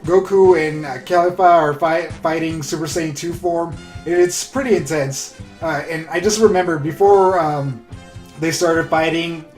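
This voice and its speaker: A man casually recapping an anime episode in a rambling, excitable way, full of fillers. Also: a little high. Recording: roomy echo with faint music.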